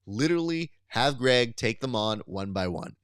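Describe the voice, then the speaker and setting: A man co-hosting a podcast in a loose, chatty way. He riffs animatedly, pitching ideas and making mock appeals. His voice sits in a middle pitch, recorded dry and close. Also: animated, normal speed, clear, resonant tone, no echo. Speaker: podcast co-host. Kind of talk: casual podcast chat.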